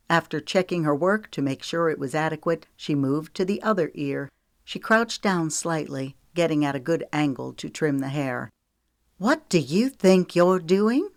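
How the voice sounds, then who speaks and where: Low-voiced woman narrating an audiobook. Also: dry recording, clean studio sound. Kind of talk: scripted narration.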